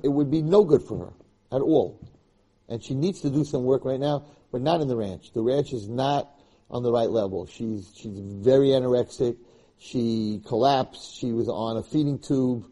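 A man with a very dark, mellow voice and a husky edge, teaching as a rabbi. He speaks with passion and emphasis, often repeating himself and restarting his sentences as he drives each point home. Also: mid-range voice. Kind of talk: Torah lecture.

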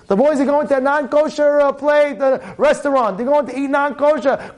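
High-voiced emphatic male rabbi preaching. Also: steady tone, moderate pace, few pauses. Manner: emphatic, repeats phrases, fires rhetorical questions; switches between loud outbursts and low asides. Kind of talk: Torah sermon to a class.

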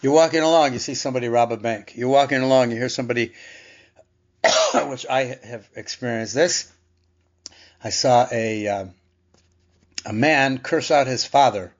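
A man's voice: mid-range voice, moderate pace, long pauses. A man teaching a Torah lesson in a conversational, thoughtful way, asking rhetorical questions and restarting phrases. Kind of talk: Torah class. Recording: dull lo-fi sound.

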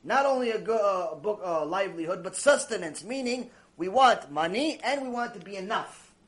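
A man's voice: high voice, normal speed. A man teaching a mussar lecture, who tells stories with lots of life, repeats his phrases and mixes in terms. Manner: animated storytelling with Hebrew terms, repeats phrases. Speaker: Torah teacher.

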